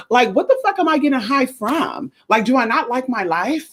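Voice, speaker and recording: A woman's voice: on the high side, moderate pace, few pauses, husky. A woman vlogger ranting to her viewers in a casual, profane, emphatic way, sometimes slipping into a preachy, sermon-like tone. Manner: profane, emphatic, animated storytelling. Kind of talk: casual rant to camera.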